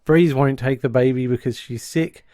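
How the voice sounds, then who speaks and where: Male podcast host with a mid-range voice, dry booth sound, chatty plot recap with quick character voices. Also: mid-range voice, mellow, no echo. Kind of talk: casual podcast chat.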